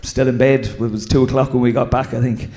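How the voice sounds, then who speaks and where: An Irish man, a former player and guest at a live podcast show, tells stories in a mid-pitched voice. He swears freely in casual, rambling speech. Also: level tone, fairly quick, a little mellow. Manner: swearing, anecdotal, mimics the old manager.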